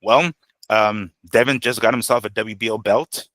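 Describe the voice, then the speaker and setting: A man co-hosting a boxing talk show, giving animated, profane fight analysis and acting out quotes. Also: on the low side, normal speed, no room sound.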